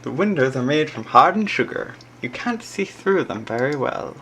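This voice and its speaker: A woman playing through an adventure game, reading its text aloud between relaxed murmured fillers. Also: extremely low pitch, moderate pace, slight background noise. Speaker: let's play player.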